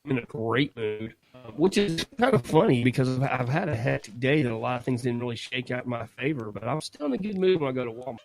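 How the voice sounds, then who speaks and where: A man co-hosting a podcast, telling a story in a casual, animated way and acting out what people said. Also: medium pitch, quick pace, creaky, hardly any pauses, poor audio. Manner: animated, laughs while telling, acts out quotes. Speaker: podcast co-host.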